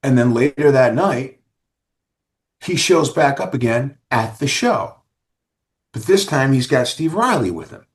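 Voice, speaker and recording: Lively male rock singer telling stories. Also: mid-range voice, a little slow, pauses often. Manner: animated storyteller who acts out others' lines. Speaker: rock singer as interview guest. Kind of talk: casual interview storytelling.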